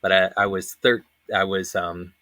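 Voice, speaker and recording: A man's voice: deep voice, little pitch movement, moderate pace, bright, forceful tone, no echo. A man in his thirties hosting a casual panel chat, telling rambling stories with lots of fillers and frequent laughter. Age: 30s. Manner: laughs often, rambling anecdotes with many fillers. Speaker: panel host.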